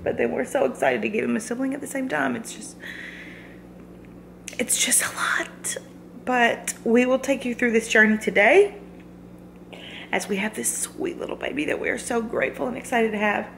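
A woman's voice: on the high side, steady tone, a little fast, vocal fry, slight background noise. A woman vlogging in a casual, emotional, chatty way, laughing often, filming herself on a handheld phone. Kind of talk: casual vlog. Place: car and hospital room.

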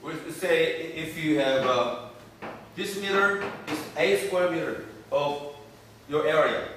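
A man's voice: on the high side, fairly bright tone, recorded from a distance, slight background noise. Man lecturing, very echoey room. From South Korea. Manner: halting, repetitive phrasing with frequent "okay?" checks. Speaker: university professor. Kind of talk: classroom lecture.

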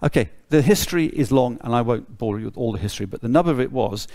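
British guy lecturing, gravelly voice, dry sarcastic jokes, dead-dry sound. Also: mid-range voice, animated, quick pace, a little mellow, no room sound. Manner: wry, sardonic humour; blunt, mildly swearing asides. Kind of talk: conference lecture.

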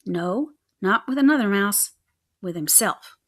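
A woman reading a children's chapter book aloud as a first-person narrator, in a lively, expressive storytelling manner. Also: mid-range voice, moderate pace. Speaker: audiobook narrator.

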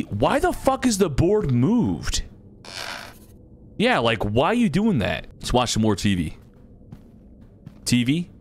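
A young man commentating casually as he plays a game, excitable, swearing freely and laughing often, reading game text aloud. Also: medium pitch. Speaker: gaming streamer.

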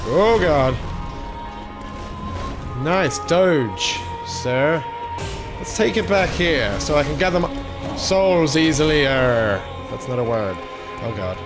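Male gaming host, unhurried but jumpy, cursing commentary over music. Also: a little high. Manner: excitable, swears often, yells at the game. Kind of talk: live gameplay commentary. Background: game music.

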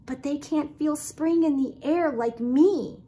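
A woman's voice: high-pitched, slow pace, pitched above the performer's own voice. A woman voicing an eager, stubborn young girl groundhog in a storybook read-aloud. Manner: excited, insistent.

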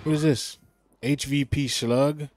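A man's voice: medium pitch, steady tone, measured pace, darkish tone, faint music behind. Laid-back cursing young male streamer. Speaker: game streamer. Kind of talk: casual live-stream commentary.

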